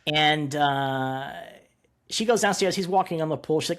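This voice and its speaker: A man's voice: on the high side, lively intonation, normal speed, a bit bright. A man co-hosting a podcast, casually recapping an episode in a rambling way, acting out quoted lines and swearing freely. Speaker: podcast co-host.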